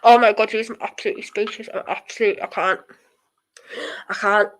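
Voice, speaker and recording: A young woman hosting a live football watchalong stream, reacting with elated, breathless excitement and chatting with her viewers. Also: medium pitch, fast talker.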